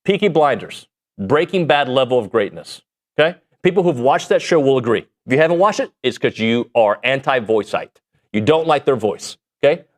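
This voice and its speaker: A man's voice: medium pitch, moderate pace. A man hosting a sports radio show, chatting casually with jokes and rambling asides. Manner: animated, joking, rambling.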